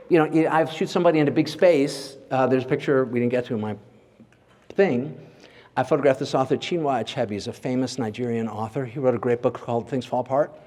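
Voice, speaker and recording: A portrait photographer gives an informal guest lecture in a large symposium hall, his mid-range, darkish voice carried by the big room's long reverb. Chatty and conversational, he leans on "like" and checks in with the live audience using "right?"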